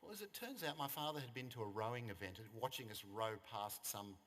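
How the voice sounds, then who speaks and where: A man's voice: medium pitch, animated, brisk, a bit bright. An Australian man in his fifties giving a eulogy at a funeral service, telling anecdotes with wry humour. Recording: long reverb of a service hall.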